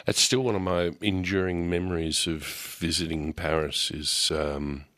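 A man hosts a radio interview in a low voice with a bright, forceful edge. He chats loosely and drifts happily into side stories. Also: fairly even intonation, unhurried. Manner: chatty, digressive storyteller. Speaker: radio host. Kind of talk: casual interview chat.

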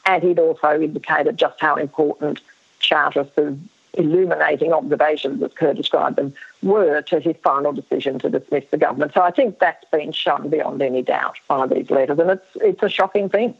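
This Australian historian, a woman whose voice is going, has a low-pitched, creaky, husky sound. As a guest in a radio interview over a tinny phone line, she speaks emphatically, frequently restarting her sentences and using many fillers.

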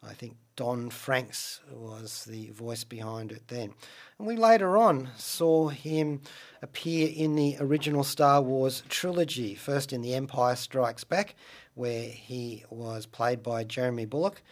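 A man's voice: mid-range voice, unhurried. A man hosting a radio show, reviewing films in a casual, rambling, wry way. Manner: rambling and wry, many asides. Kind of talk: casual film review monologue.

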